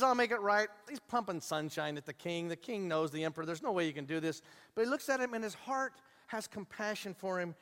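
Male pastor, high voice, lively storytelling sermon, long church-hall reverb. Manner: animated storytelling, acting out the characters' voices.

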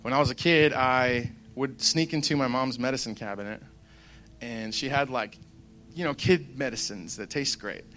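A man's voice: medium pitch, normal speed, a bit bright. A young man giving a casual devotional talk, rambling and conversational with plenty of fillers. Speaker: Christian speaker.

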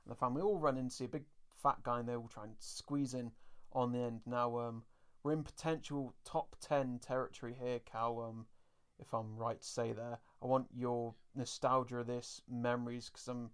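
A man hosts a relaxed podcast chat. He recaps scenes in a loose, chatty way and laughs often. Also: mid-range voice, moderate pace, smooth. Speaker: podcast co-host.

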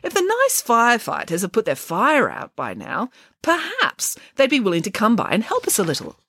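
A woman's voice: fairly high pitch, wildly swooping pitch, normal speed, a bit bright, a little hiss or hum, pitched above the performer's own voice, heavily acted. A woman voicing a flamboyant, self-assured female pig nanny in a storybook reading, speaking in a breezy, matter-of-fact way.

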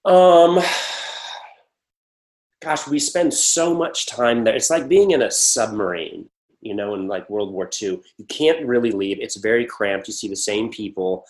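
A man with a somewhat low voice chats through an interview. He rambles, restarts and acts out little quoted exchanges while telling stories about work and friends. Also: normal speed. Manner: rambling, animated storytelling with acted-out quotes. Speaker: actor guest. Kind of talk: casual interview talk.

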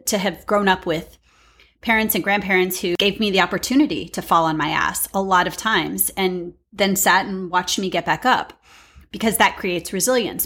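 A woman's voice: mid-range voice, husky. A woman in her forties, a podcast host, giving a frank, earnest reflective monologue with storytelling asides.

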